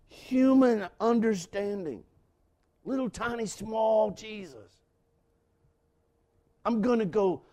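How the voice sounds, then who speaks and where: An older man preaching a sermon, repeating lines for emphasis and swinging from shouts down to hushed whispers. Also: high voice. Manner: dramatic shifts from shouting to hushed whispers, with laughs; preaching slowly with emphatic repetition. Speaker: pastor.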